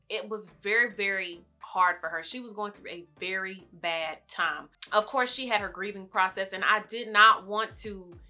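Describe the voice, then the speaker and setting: A woman's voice: mid-range voice, bright, forceful tone. A young woman vlogger giving casual advice straight to her viewers, chatty and familiar, calling them y'all and baby. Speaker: lifestyle vlogger. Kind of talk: casual advice talk to camera.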